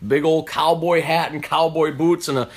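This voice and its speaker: A man giving a personal conversion testimony in a reflective, unhurried way, often restarting his sentences. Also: fairly high pitch, fairly even intonation.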